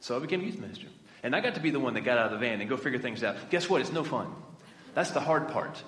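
A man's voice: medium pitch, very animated, rapid-fire, a bit bright. A man, a youth minister, preaching a conversational sermon and putting questions to his audience. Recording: echoey hall with long reverb.

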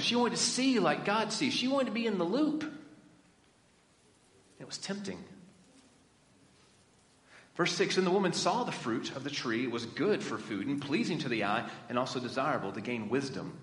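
A man's voice: medium pitch, a bit bright. Man preaching in an echoey hall. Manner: conversational, asks the audience questions. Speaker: youth minister preaching. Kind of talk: sermon. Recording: echoey hall with long reverb.

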